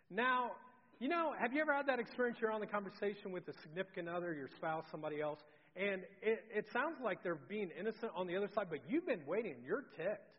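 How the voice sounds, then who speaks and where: High-voiced pastor telling a sermon story. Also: male voice, expressive, fast, slightly rough, in a large hall, muffled recording. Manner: storytelling, swinging from loud to hushed. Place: church sanctuary.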